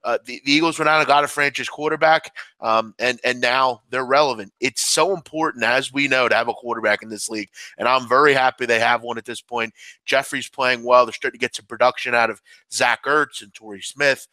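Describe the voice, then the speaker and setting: A man's voice: mid-range voice, fairly quick, pushed and bright, no room sound. A man breaking down a football team in casual sports analysis, talkative and often saying "I mean". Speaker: sports bettor.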